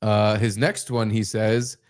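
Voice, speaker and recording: A man's voice: lowish voice, flat delivery, takes it slowly, clear, resonant tone. A man co-hosting a comedy podcast in casual chat, joking crudely and rambling. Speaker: podcast co-host.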